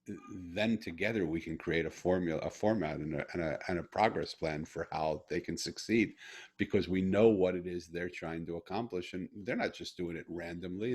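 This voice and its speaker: A man's voice: low-pitched, slightly rough. A middle-aged man in an earnest casual conversation, telling a personal story. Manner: earnest, animated when retelling. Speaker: guest.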